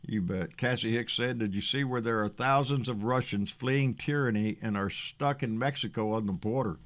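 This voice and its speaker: A man's voice: mid-range voice, moderate pace. A man with a Texan accent hosting a casual political livestream, reading chat comments aloud. He rambles, swears freely and stammers over repeated words. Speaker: livestream host.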